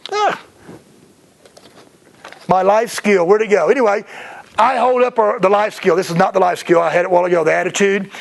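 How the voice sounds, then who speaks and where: A man giving a chatty seminar talk about running a martial arts school, slipping into quick impressions of kids and parents. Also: high-pitched, creaky.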